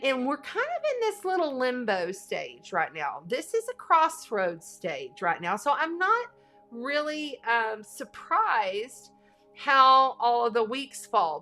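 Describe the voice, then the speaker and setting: Bubbly woman, bright gushing voice. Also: fairly high pitch. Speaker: astrology show host. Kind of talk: casual livestream giveaway chat.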